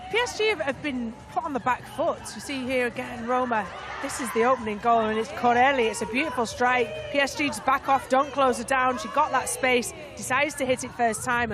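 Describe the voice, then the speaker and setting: Lancashire-accented woman pundit, slightly high voice, eager, crowd loud behind. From England. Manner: enthusiastic, talks through replays. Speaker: football pundit. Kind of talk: match highlights analysis.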